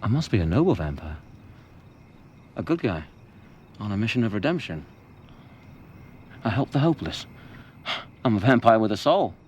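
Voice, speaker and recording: A man's voice: lowish voice, very animated, moderate pace, long pauses, darkish tone, a little hiss or hum. An actor playing a boastful male vampire who grandly admires himself. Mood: smug. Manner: swaggering, grandly self-admiring. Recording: dull, muffled TV clip audio.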